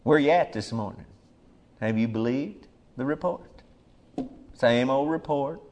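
A man preaching a sermon, emphatic, swinging between soft murmurs and loud urgent calls. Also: medium pitch, animated, a little slow, pauses often.

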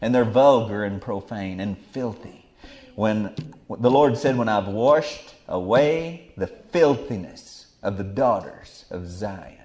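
A middle-aged man preaching a fiery Bible sermon. He drops to low murmurs, then bursts into loud exclamations. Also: expressive, slow pace.

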